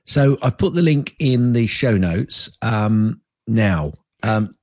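A man's voice: fairly low pitch, lively intonation, takes it slowly, a little mellow, no echo, studio quality, faint music behind. A man co-hosting a podcast, reading tech news in a rambling, chatty way that often trails off. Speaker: podcast co-host.

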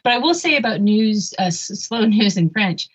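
A woman's voice: mid-range voice, normal speed, breathy edge, muffled recording. An older American woman chatting casually, telling stories with many restarts and asides. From United States. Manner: chatty, animated storyteller with frequent restarts. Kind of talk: casual chat.

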